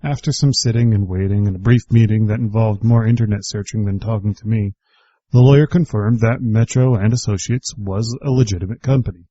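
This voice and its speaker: A man's voice: fairly low pitch, a little fast, dark tone, dry recording. A man narrating a first-person story in a reflective, wry storytelling manner. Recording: dull, dry lo-fi recording.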